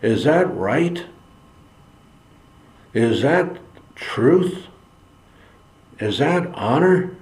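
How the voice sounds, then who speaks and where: A man's voice: medium pitch, big pitch swings, extremely slow, long pauses, darkish tone. A man giving an earnest opinion monologue, preachy and repeating phrases for emphasis. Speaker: political commentary channel host. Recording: echoey room.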